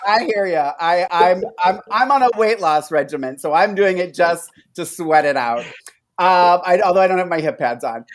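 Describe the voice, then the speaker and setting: A man's voice: high voice, animated, normal speed. A man co-hosting a recap show, reading a scripted intro and then chatting loosely with many fillers and laughs. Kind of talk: casual chat with scripted intro.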